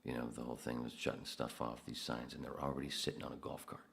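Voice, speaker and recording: Very deep, gravelly-voiced man telling stories. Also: flat delivery, fast talker, a bit bright. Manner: profane, rambling storyteller. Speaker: podcast host. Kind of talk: casual storytelling.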